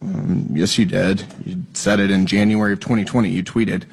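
Hoarse man pressing a witness. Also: low voice, steady tone, normal speed. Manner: pressing, persistent questions. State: hoarse from a cold. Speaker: lawmaker questioning a witness. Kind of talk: hearing interrogation.

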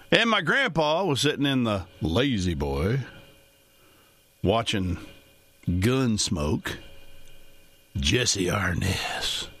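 A man's voice: lowish voice, sing-song, drawn-out words, long pauses, fairly bright tone, no echo. A man in the financial services trade hosting a talk show, rambling in a folksy way with chuckling asides. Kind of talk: casual monologue.

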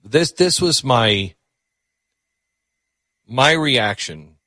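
A man's voice: mid-range voice, lively intonation, drawn-out words, sharp tone, no room sound, clean studio sound. A man hosting a call-in radio show, talking earnestly and reflectively, often repeating words as he thinks aloud. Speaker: radio talk show host.

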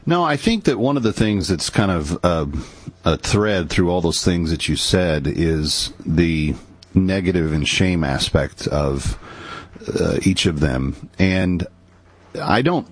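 A man's voice: deep voice, animated, slow pace, husky, no echo. A man co-hosting a casual talk, speaking hesitantly with many restarts. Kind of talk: casual discussion.

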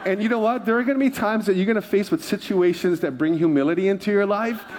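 A male pastor from Hawaii preaching with a fairly high voice. He tells funny stories, repeats his key phrases and asks the congregation to answer him. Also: fast talker, background noise. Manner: humorous storytelling with repeated phrases. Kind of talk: sermon.

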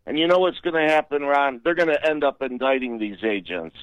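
A man's voice: mid-range voice, a little fast, no room sound, muffled recording. A man calling in to a radio talk show, earnest and indignant, pressing his point insistently. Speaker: caller.

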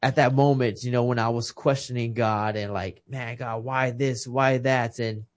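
A man's voice: mid-range voice, steady tone, moderate pace. A man in his thirties, a retired boxer from Texas, telling an emotional personal story in a casual interview, earnest and full of restarts.

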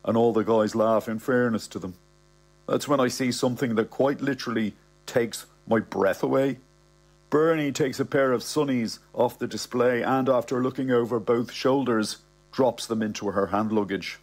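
Cocky middle-aged Dublin narrator, husky voice, mid-pitched. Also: male voice, normal speed. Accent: Dublin Irish. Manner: cocky, slangy storytelling. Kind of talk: comic audiobook narration.

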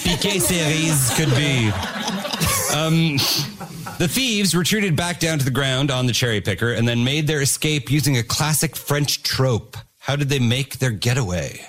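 A man runs a comedy news quiz. He reads questions with a lively, bouncing pitch, breaks into laughter easily and keeps a playful tone throughout. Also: moderate pace, faint music behind. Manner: playful, laughs at his own jokes. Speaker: quiz host.

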